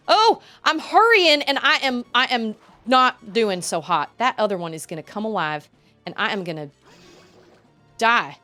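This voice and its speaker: A young woman talks her way through a live game stream, her voice swinging lively up and down as she rambles between the game and her chat. Faint game music plays underneath her. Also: a little high, moderate pace. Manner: chatty and rambling, reacting to the game and chat aloud. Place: at home.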